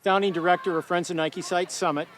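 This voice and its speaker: A man's voice: sits high, steady tone, fast, fairly bright tone, slight background noise. A man who directs a nonprofit, explaining a historic site outdoors in a documentary interview with enthusiasm. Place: outdoors by a ridge.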